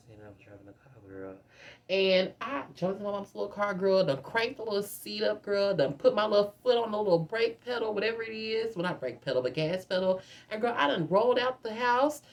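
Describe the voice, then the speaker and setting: A woman in her twenties telling a storytime in a chatty, animated way, constantly addressing her viewers as "girl.". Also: medium pitch. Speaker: vlogger. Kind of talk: casual storytime.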